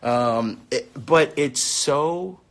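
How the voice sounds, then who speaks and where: A man's voice: a little high, drawn-out words, a bit bright. A man in his late twenties chatting casually on a live stream, answering fan questions, upbeat and full of fillers. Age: 20s. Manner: chatty and upbeat, many fillers, laughs easily.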